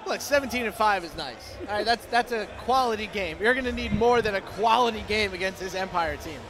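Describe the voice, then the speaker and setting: A man calling an esports basketball game as play-by-play commentator, upbeat with quick stat call-outs. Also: high-pitched. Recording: game sounds and noise behind.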